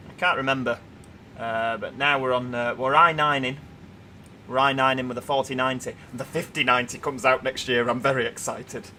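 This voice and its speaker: A young Yorkshire man hosting a relaxed livestream, chatting through viewer comments as they come in. His voice is bright and forward, at a middle pitch. A faint hum sits under the recording. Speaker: livestream host. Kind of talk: casual livestream chat.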